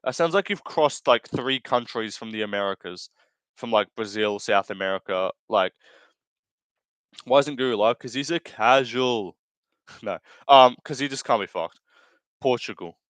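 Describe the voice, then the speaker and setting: A young male streamer chats casually while reading messages from his chat, cracking crude jokes and laughing between lines. He rambles and keeps correcting himself mid-sentence. His voice sits at an ordinary male pitch, and the recording is close and dry. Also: moderate pace, fairly bright tone, dry recording. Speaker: livestream host.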